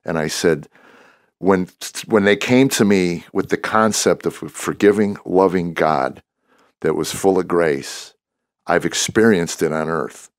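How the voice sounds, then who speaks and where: A man in his sixties, a comedian, telling lively stories in a podcast interview and acting out what people said. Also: low voice, measured pace, no echo, studio quality. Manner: animated storyteller who acts out quoted dialogue. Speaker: comedian guest.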